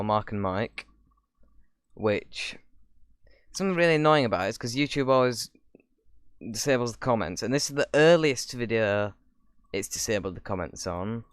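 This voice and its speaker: A man's voice: mid-range voice, clear, resonant tone, no echo. A young man hosting his channel, giving rambling casual reaction commentary with sarcastic asides. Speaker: YouTuber host.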